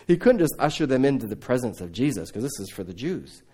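A man preaching a sermon to a congregation, telling Bible stories in a lively way, acting out the dialogue and turning to his listeners with asides. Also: medium pitch, a little fast, breathy edge. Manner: animated storytelling, acting out biblical dialogue. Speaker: preacher raising funds for a mission training center.

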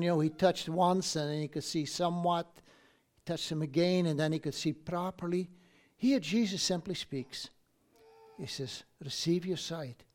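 A man delivering a sermon with a fairly high-pitched voice. He tells the story at an easy pace, often restarting his phrases and slipping in conversational asides to the listeners. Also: a little mellow. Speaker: preacher.

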